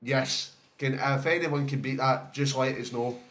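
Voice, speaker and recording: A man's voice: medium pitch, fairly even intonation, a little slow, fairly bright tone. A young man chatting casually on a podcast, laughing often and swearing as he tells stories. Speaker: podcast co-host. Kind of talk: casual chat.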